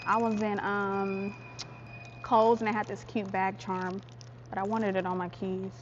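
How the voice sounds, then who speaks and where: A woman's voice: medium pitch, level tone, unhurried, dull audio, a little hiss or hum. A young woman vlogging casually to camera, chatty and often addressing viewers as "y'all", sometimes half-whispering to keep her business private. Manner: chatty, talks straight to viewers, often says "y'all" and "child". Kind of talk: casual vlog chat to camera. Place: home, stairs and outdoors. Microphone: phone or camera held by hand.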